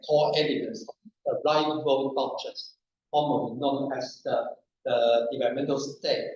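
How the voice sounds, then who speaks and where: A man presenting an academic paper at a conference panel, in a halting, deliberate way. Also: mid-range voice, steady tone, a little mellow, a little hiss or hum. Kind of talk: academic lecture. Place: conference room. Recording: distant, echoey, dull conference room recording.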